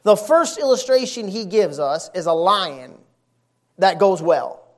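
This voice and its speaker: A middle-aged man preaching a sermon, telling stories in a lively, folksy way and hammering points home with repetition. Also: high voice, a little slow. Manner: animated, folksy storytelling with emphatic repetition.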